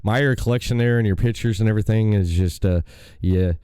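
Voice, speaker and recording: Brief: a deep, dark-toned male host chatting casually on a podcast, dry close sound. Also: fast, clear, resonant tone, dry recording. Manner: rambling, enthusiastic storytelling. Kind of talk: casual chat.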